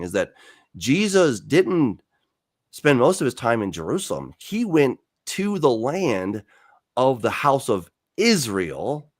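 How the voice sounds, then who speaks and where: Recorded at studio quality without echo, a man with a lowish voice talks through scripture in conversation. As a Bible teacher and author, he animates the stories, acts out what characters say, and keeps restarting his sentences with fillers.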